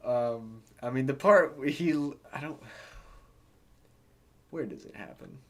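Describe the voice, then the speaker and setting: A man's voice: mid-range voice, a little slow. A man giving a casual, hesitant and rambling review of a song, laughing between thoughts. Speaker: album reviewer.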